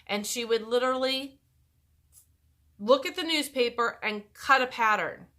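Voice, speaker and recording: A middle-aged YouTuber with a fairly high, sharp voice talks casually to camera at an unhurried pace. She's chatty and rambling, often stopping and restarting her sentences.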